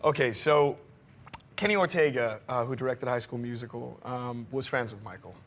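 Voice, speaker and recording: A man telling a personal story as a talk show guest, excited and laughing often, tripping over his words. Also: mid-range voice, moderate pace. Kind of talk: casual anecdote.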